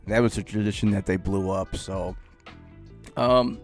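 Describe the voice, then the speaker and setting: A man's voice: lowish voice, fairly even intonation, measured pace, soft background music. A man co-hosting a sports podcast, chatting in an easygoing, profane way and giggling often. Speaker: podcast co-host. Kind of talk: casual sports podcast banter.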